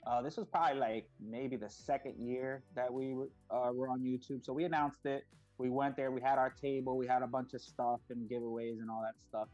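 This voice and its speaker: A middle-aged American man with a mid-range voice, heard on dull audio, is a parent who runs a kids' video channel. In a casual interview he tells stories as an animated storyteller, acting out voices and using lots of fillers.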